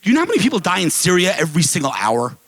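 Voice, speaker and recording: A man giving an impassioned speech to a live audience at an event, telling stories and asking rhetorical questions in a casual, animated way. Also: high voice, racing, low-quality recording. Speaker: guest speaker at an advocacy event. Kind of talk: impassioned public speech with storytelling.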